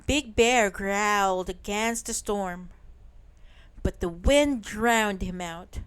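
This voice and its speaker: Slow, soothing bedtime storyteller woman. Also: mid-range voice. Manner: slow, soothing, clearly spoken.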